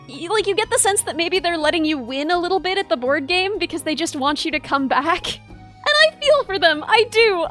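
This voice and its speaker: A woman's voice: high voice, pushed and bright. A young woman streamer telling a wry story in casual chat, full of "like" and restarts. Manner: chatty, wry, lots of "like" and restarts.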